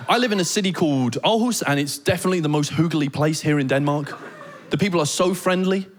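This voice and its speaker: British guy doing standup, highish voice, swears a lot, acts out the crowd. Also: quick pace, slight background noise. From Britain. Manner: animated storytelling, swearing, acting out crowd shouts. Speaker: stand-up comedian. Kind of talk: stand-up comedy set. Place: theatre stage before a laughing audience.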